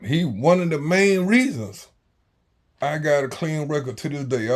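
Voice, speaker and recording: A man, telling a story in slangy casual talk that swings between loud and quiet. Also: medium pitch. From Jacksonville, Florida, US. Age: 40s.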